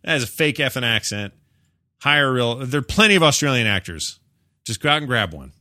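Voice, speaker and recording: A man's voice: mid-range voice, brisk, dry recording, clean studio sound. A man co-hosting a casual movie review chat, opinionated and rambling. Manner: opinionated, rambling, animated riffs. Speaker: podcast co-host.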